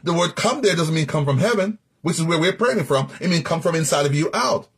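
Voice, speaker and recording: A man teaching Scripture in a fairly high, husky voice. He talks emphatically, repeats his key phrases and keeps asking the listener questions. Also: animated, fairly quick. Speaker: Bible teacher. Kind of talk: teaching sermon.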